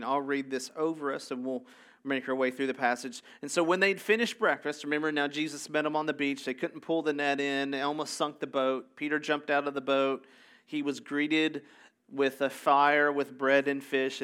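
A man's voice: medium pitch, a bit bright, smooth. A man preaching a sermon in a conversational way, reading scripture aloud and adding casual asides. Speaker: pastor.

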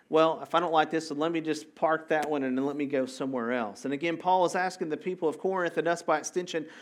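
A man preaching a sermon in a loose, conversational way, often checking in with the congregation. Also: fairly high pitch. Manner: casual and animated, with asides to the congregation. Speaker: pastor.

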